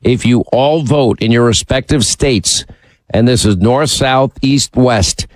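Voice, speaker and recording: A man's voice: medium pitch, slow, no room sound, poor audio. A man hosting a radio talk show, speaking emphatically and opinionated, teasing his callers. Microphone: studio mic.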